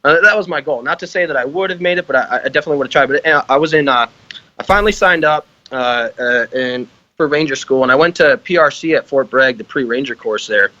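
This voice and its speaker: Young male podcast guest, bright and forceful, rambling and swearing between laughs, dry close sound. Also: mid-range voice, fast, no room sound, lo-fi sound. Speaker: podcast guest, army veteran. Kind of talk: casual podcast chat.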